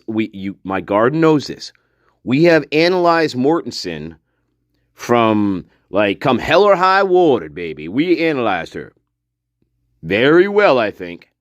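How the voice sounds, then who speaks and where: A man's voice: medium pitch, no echo. A man hosting a casual true-crime commentary video, blunt and mocking, swearing freely and chuckling between remarks.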